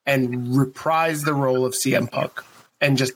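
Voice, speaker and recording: A man's voice: medium pitch, fairly even intonation, normal speed, slight background noise. A man co-hosting a wrestling podcast in casual, rambling chat, laughing often. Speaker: podcast co-host.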